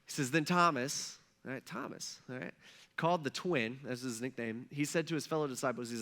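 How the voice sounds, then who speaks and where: A man's voice: mid-range voice, a little fast, pushed and bright. A man preaching a sermon as pastor, retelling a Bible story in a casual, conversational way and acting out what the people said.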